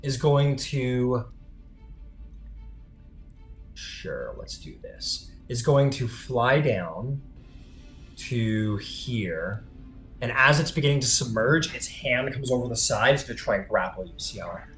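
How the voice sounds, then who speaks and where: A man's voice: medium pitch, lively intonation, unhurried, fairly bright tone, roomy sound, soft background music, poor audio. A man running a tabletop game as game master, narrating loosely with lots of fillers and the odd swear.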